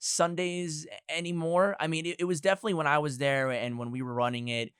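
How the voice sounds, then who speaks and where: A man's voice: on the high side, steady tone, fast, a bit bright, smooth, no room sound, studio quality. A young man as a podcast guest, talking in a rambling, hedging way full of filler words. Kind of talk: casual podcast chat.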